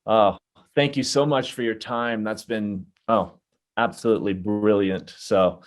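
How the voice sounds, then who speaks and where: Male interview host, lower register, effusive wrap-up thanks, remote call. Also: steady tone, a little slow. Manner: enthusiastic, brief affirmations.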